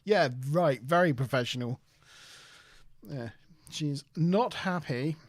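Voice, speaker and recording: A man's voice: on the high side, lively intonation, slow, no room sound. A man co-hosting a casual chat, recapping an episode with dry sarcasm. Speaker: podcast co-host.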